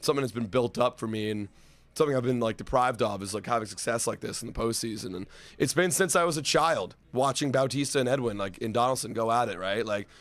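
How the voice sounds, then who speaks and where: Male co-host, 20s, excitable casual talker whose voice leaps up when worked up; dry sound. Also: mid-range voice, fast talker, dry recording. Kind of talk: casual sports chat.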